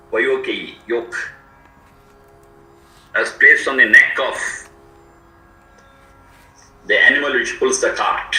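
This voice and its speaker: Bright-voiced man lecturing, echoey room. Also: mid-range voice. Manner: slow, repetitive word-by-word explanation. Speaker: Vedic teacher. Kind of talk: explanatory lecture.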